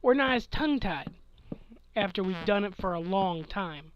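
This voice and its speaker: A man's voice: high-pitched, lively intonation, moderate pace, lo-fi sound, slight background noise. A man in his twenties chatting casually late at night, sleepy and yawning, rambling with chuckles and trailing thoughts. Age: 20s. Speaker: gaming channel host answering questions.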